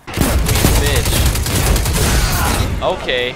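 A man giving loud, swearing live commentary while playing a shooter game, with frequent shouted outbursts. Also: fairly high pitch, sing-song, normal speed, heavy background noise. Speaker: gamer. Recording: loud game gunfire under the voice.

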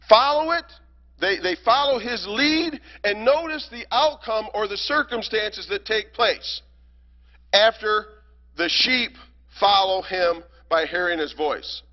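Deacon, male, high voice, slow and emphatic teaching, dull lo-fi recording. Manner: earnest, emphatic, with rhetorical questions. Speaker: deacon teaching a Bible class. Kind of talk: Bible study lesson. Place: church hall. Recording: reverberant lo-fi church hall recording.

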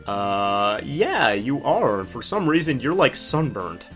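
A man's voice: medium pitch, big pitch swings, slow pace, few pauses, fairly bright tone, faint music behind. A man casually commenting on a video game playthrough, chatty and joking as he reads game dialogue aloud. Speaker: let's play host.

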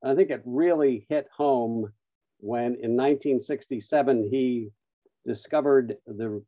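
A man presenting a webinar, telling an anecdote-filled story with frequent "uh" pauses. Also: mid-range voice, no echo. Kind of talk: storytelling talk. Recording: dull lo-fi online audio, dry.

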